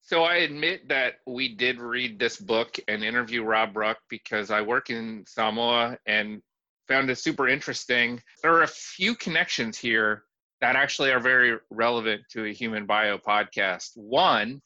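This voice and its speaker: A man with a very bright, forceful voice chats casually as a podcast co-host, trading dry jokes with his partner. The audio sounds a little dull and lo-fi. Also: mid-range voice, fairly even intonation, normal speed.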